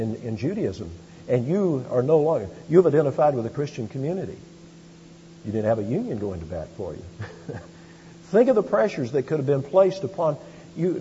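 A man preaching a sermon as pastor, with animated emphasis and quick asides. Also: mid-range voice, slight background noise. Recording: dull, lo-fi sound with long hall reverb.

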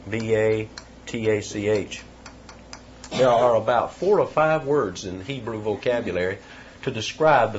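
A man's voice: mid-range voice, slightly rough, muffled recording. A man preaching an expository sermon, teaching verse by verse with emphatic repetitions.

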